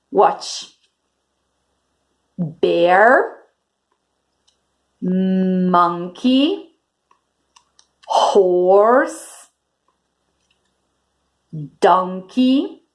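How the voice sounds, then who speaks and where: A teacher speaks very slowly to young children, drawing each word out and spelling out its first sounds. Her pitch rises and falls a lot, and English is not her first language. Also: lively intonation. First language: Italian. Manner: slow, deliberate, sounding out first letters for kids.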